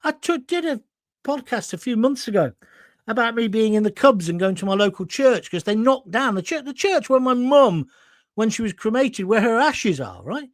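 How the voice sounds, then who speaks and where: A man's voice: very high voice, expressive, moderate pace, dry recording, studio quality. A man hosting his own live stream, delivering indignant, emotional commentary straight to his viewers.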